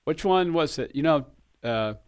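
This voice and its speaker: A man co-hosting a radio show, reading trivia questions playfully and repeating each one slowly, in a studio. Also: fairly high pitch, lively intonation, clear, resonant tone. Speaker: radio co-host, quizmaster.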